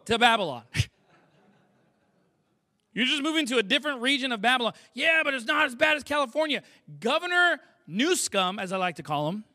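Male pastor, very high voice, punchy emphatic sermon delivery, keeps asking the crowd questions. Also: pushed and bright. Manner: emphatic preaching with rhetorical questions.

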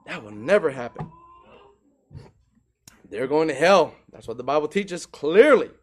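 Preacher, man, high voice, emphatic sermon delivery, rhetorical questions. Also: sing-song, unhurried.

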